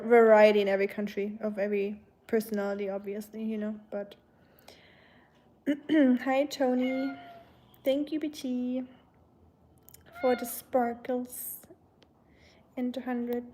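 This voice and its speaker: A fairly high, mellow voice belongs to a young German woman with a German accent hosting a livestream. She chats casually, reading out viewer comments, and hesitates with plenty of ums.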